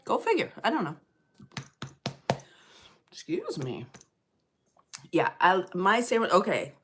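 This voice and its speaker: A middle-aged woman chatting on a livestream, telling stories in a lively, fired-up way and greeting viewers by name. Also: medium pitch, takes it slowly, noisy background. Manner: animated storyteller, gets loud and fired up. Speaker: livestream host. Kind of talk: casual livestream chat.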